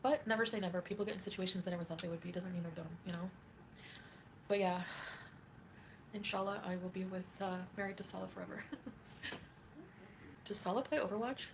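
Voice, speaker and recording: A woman's voice: mid-range voice, fairly even intonation, brisk, pauses often, background noise. A woman livestreaming, reading chat and ranting in a catty, mocking way with frequent laughs.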